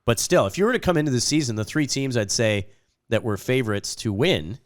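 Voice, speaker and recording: Co-host, male, casual sports banter, a touch of leftover rasp in an otherwise mid-pitched voice. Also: animated, fairly quick. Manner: chatty, opinionated, jokes at himself. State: lingering raspy voice after an illness.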